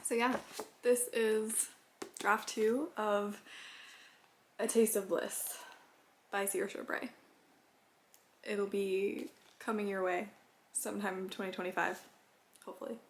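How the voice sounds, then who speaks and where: A woman's voice: medium pitch, little pitch movement, slow pace, long pauses, a little hiss or hum. A young woman chatting casually in a vlog, giddy and self-conscious, laughing often and trailing off. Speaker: writing vlogger.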